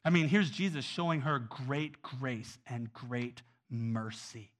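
A man preaching a sermon in an earnest way, going from quiet, soft passages to loud, pressing ones. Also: mid-range voice, slow pace. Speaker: pastor.

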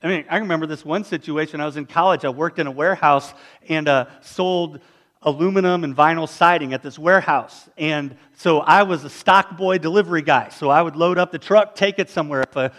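High-voiced man preaching a sermon. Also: a little fast, fairly bright tone. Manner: dramatic storytelling, acts out voices. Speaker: pastor.

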